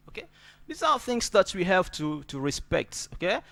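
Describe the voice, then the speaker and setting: A man's voice: high-pitched, sing-song, moderate pace, creaky, sharp tone. Man teaching English word stress. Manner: repeats words and asks "okay?" often. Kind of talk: live English pronunciation lesson.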